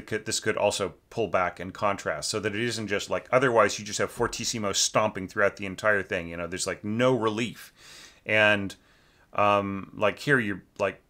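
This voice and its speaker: A man with a lowish voice and a sharp tone teaches orchestration, critiquing a student's score in a rambling, casual way. He fills his talk with fillers and sings out the rhythms.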